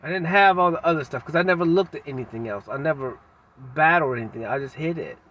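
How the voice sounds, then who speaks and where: A man in a candid personal vlog monologue, talking in a halting, reflective way with frequent pauses and fillers, blunt and self-critical with casual slang. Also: on the high side, expressive, fairly bright tone, a little hiss or hum. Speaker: vlogger.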